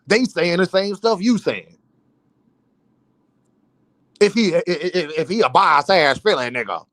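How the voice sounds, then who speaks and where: A man's voice: high-pitched, lively intonation, unhurried, fairly bright tone, dry recording, clean studio sound. A man hosting a boxing live stream, ranting heatedly to his chat in slangy, insistent talk.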